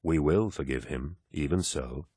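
A man voicing a calm, commanding male warlord in an audiobook who speaks slowly and softly. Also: rumbling low, slightly rough, no room sound, clean studio sound, pitched below the performer's own voice, heavily acted. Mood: calm authority. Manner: slow, soft and measured.

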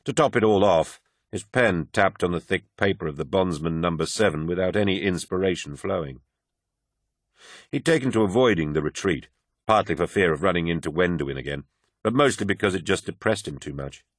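A man narrating a novel in an expressive storytelling manner. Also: low voice, fairly quick, no room sound, studio quality. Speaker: audiobook narrator. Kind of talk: scripted narration.

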